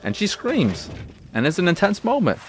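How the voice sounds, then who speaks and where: A man's voice: high-pitched, huge pitch swings, moderate pace, faint music behind. A young man ranting through a casual game review, profane, sarcastic and exasperated.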